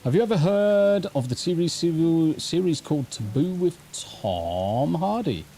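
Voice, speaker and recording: A man's voice: on the high side, big pitch swings, unhurried, dark tone, faint music behind. An English man streaming live gameplay, chatting casually in a rambling, sweary way into a desk mic through a mixer.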